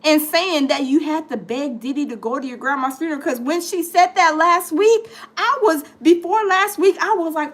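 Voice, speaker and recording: A woman's voice: high voice, normal speed, few pauses. A woman hosting a live gossip stream, chatting animatedly with viewers and reading news aloud with lots of fillers and restarts. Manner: animated, chatty storyteller, talks to viewers as "y'all". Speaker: gossip livestream host. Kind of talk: casual live-stream commentary.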